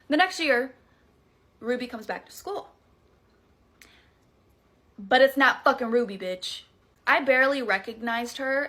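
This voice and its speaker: A woman in her thirties with a Southern US accent, telling a scary story in a casual, animated way, swearing freely and adding dramatic asides. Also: a little high.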